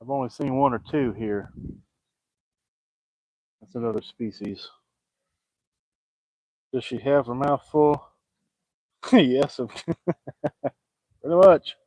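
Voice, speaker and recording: A man's voice: medium pitch, drawn-out words, long pauses, a little mellow, dry recording, poor audio. Guy fishing outside, folksy and jokey, chatting back at comments, dry sound. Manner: folksy, joking, talks back to viewer comments. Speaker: fishing vlogger. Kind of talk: casual chat to camera. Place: outdoors by the water, fishing.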